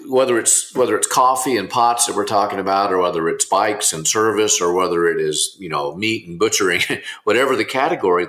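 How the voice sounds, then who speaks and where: Male podcast host, emphatic, deep-ish forceful tone, echoey room. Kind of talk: casual interview chat.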